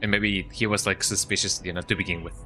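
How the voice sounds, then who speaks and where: A man's voice: deep voice, steady tone, fast, pushed and bright, faint music behind. A man streaming a video game, rambling and joking in casual commentary, with lots of "eh?" and "you know".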